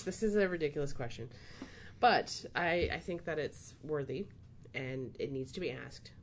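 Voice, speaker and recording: A woman's voice: deep voice, slight background noise. Chatty, teasing woman podcast host. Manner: chatty, laughs often, teasing. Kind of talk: casual chat.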